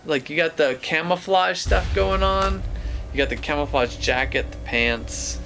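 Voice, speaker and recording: A man voicing a suspicious, stern male park ranger who questions and warns in a halting way. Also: fairly high pitch, gravelly, fairly bright tone, a little hiss or hum, pitched above the performer's own voice. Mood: questioning.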